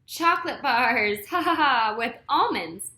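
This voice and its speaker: A woman voicing a male truck driver who stays calm and keeps bursting into laughter. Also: high voice, moderate pace, roomy sound, voice pushed up. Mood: laughing. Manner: loud, laughing through his lines.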